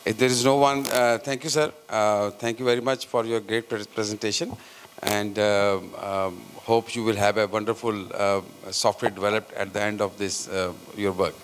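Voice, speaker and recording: A man's voice: lowish voice, flat delivery, moderate pace, big-room sound, slight background noise. A man chairing a conference session, polite and formal, with some hesitation. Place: conference room.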